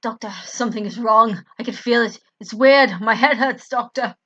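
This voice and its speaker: A woman voicing an intense, protective male villain in a fan story reading, delivered forcefully. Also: on the high side, normal speed, dry recording, lo-fi sound. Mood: pained.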